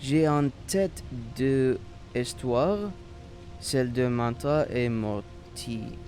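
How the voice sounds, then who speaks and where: A man voicing a calm, lonely French woman storyteller in a put-on French accent, speaking slowly and softly. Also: a little high, faint music behind, voice pushed up. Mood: gentle.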